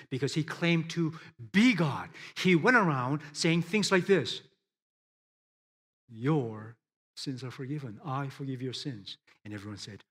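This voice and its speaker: A man's voice: mid-range voice, fairly bright tone. A man preaching a sermon, addressing his listeners as friends and driving points home with emphatic rises and drops.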